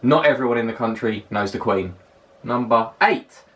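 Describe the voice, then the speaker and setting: A man's voice: mid-range voice, moderate pace, fairly bright tone. A young man with a well-spoken London accent talks through a casual countdown list on his vlog. He is chatty and emphatic and doubles up words for stress. His voice is picked up from a little way off the microphone. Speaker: vlogger. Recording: voice a little distant from the mic.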